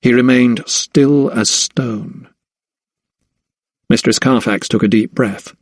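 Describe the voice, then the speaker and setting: A man narrating a historical mystery audiobook in a steady, even storytelling voice. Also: mid-range voice, takes it slowly, dry recording, studio quality. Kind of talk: scripted narration.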